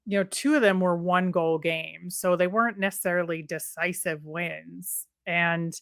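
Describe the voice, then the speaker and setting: A woman co-hosting a podcast in casual sports chat, chatty and analytical and quick to laugh. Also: lowish voice, fairly even intonation, fairly bright tone, dry recording, clean studio sound. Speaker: podcast co-host.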